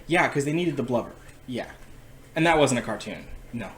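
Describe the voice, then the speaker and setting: A young man, a father, telling a lively anecdote in a casual chat and acting out his small son's questions. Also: medium pitch, normal speed, a little hiss or hum. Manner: animated anecdote-telling, acts out a child's questions. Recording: roomy sound with crowd chatter.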